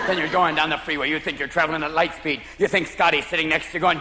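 A man's voice: on the high side, steady tone, fast talker, few pauses, very noisy. A man doing a stand-up comedy routine with manic energy, jumping into silly character voices. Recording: live show, echoey room, loud crowd laughter.

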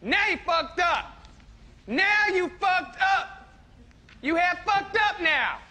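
Guy doing a squeaky sharp-toned president, super crude, shouts insults over and over. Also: lively intonation, takes it slowly, heavily acted. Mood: taunting. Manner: profane, yelling, repeating himself. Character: crude loudmouth male president heckling at a play.

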